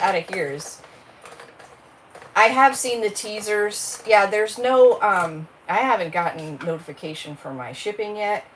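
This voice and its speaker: A woman's voice: medium pitch, a little hiss or hum, poor audio. A woman, hosting a casual crafting livestream, chatty and rambling as she greets viewers by name.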